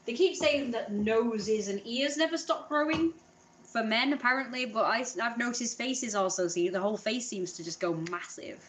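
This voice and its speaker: A woman's voice: fairly high pitch, moderate pace, fairly bright tone, a little hiss or hum. A woman chatting casually in a vlog, rambling and self-deprecating. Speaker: vlogger.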